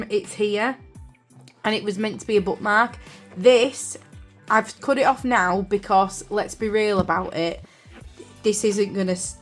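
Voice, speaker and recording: A young woman with a British accent talks casually and rambles, full of fillers and apologies. Her voice sits at a middle pitch. Soft music plays faintly behind her. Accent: British English. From United Kingdom. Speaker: journaling vlogger. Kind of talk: casual chat. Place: craft room indoors. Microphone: camera on a desk stand.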